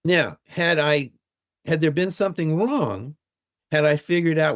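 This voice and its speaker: A man's voice: on the high side, expressive, a little slow. Methodical older man explaining emotions. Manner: methodical, spells out terms letter by letter. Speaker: expert guest, retired university teacher. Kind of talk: explanatory interview talk.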